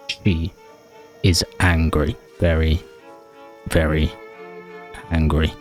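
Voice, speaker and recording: A man with a low, deep voice tells the story of his game in a dry, mock-tragic way. Soft music plays faintly behind him. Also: normal speed. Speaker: let's play host. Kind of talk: comedic game narration.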